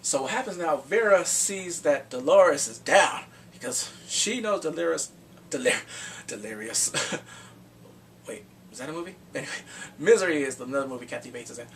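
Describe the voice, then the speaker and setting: A man casually recapping a movie plot in a rambling, excitable way, with blunt crude slang. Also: fairly high pitch, normal speed, creaky. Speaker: movie reviewer. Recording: distant mic with faint background noise.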